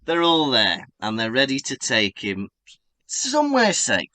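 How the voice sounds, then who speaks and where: Bright, lively, slow-talking male podcaster. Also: mid-range voice, no echo, rough recording. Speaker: podcast co-host. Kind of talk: casual chat and chapter summary.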